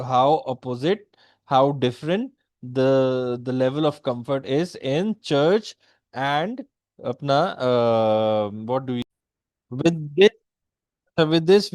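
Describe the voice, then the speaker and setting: A man's voice: mid-range voice, takes it slowly, darkish tone, dry recording, studio quality. A man with an Indian English accent giving a poetry lecture, mixing in Hindi and often checking in with "okay?". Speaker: literature teacher.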